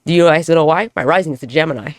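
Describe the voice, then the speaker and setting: A woman's voice: low voice, very fast, dry recording, studio quality. A woman hosting a solo podcast monologue, talking in a candid, rambling, profane way with self-deprecating humor. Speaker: podcast host.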